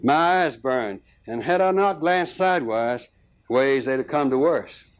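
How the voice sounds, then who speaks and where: A man reading a rural tale aloud as narrator, unhurried, with small restarts and fillers. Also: mid-range voice, lively intonation.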